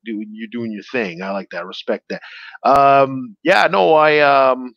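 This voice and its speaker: A man, a stand-up comedian, rambles through his stories in a casual interview, stumbling over fillers and restarts. His voice sits at an ordinary middle pitch. The sound is dry and a little dull. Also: measured pace, no room sound.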